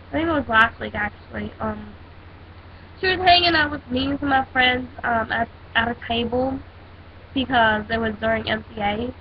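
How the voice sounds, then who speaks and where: In a dull lo-fi recording with faint hiss, a teenage girl tells a story on her vlog as a sassy, dramatic casual rant. She speaks at normal speed in a fairly high voice.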